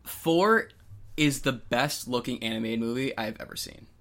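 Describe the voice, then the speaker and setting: A man's voice: mid-range voice, moderate pace, vocal fry, fairly bright tone. Rambling young man chatting about movies. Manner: eager, rambling, lots of fillers. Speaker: podcast co-host. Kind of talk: casual chat.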